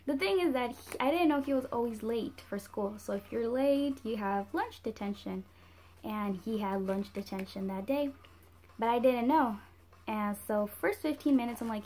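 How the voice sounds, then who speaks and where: Teen girl vlogger, bright higher voice, chatty storytime, lots of "like". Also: moderate pace. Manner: chatty, animated, heavy use of "like". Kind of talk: casual storytime.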